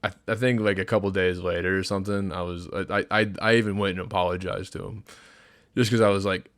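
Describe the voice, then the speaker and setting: A young podcast co-host tells a story in casual chat, his deep voice moving fairly quickly with no echo. He swears heavily and animatedly acts out what people said.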